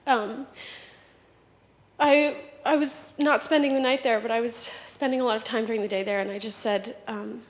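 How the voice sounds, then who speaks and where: A young woman giving an emotional speech at a memorial service, halting, restarting and laughing through tears. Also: a little high, fairly even intonation. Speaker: memorial speaker. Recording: echoey hall with long reverb.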